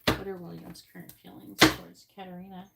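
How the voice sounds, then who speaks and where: A woman's voice: lowish voice, flat delivery, brisk, vocal fry, heavy background noise. Chatty woman reading tarot cards live. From Florida. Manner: chatty, thinks aloud between card pulls. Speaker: psychic reader.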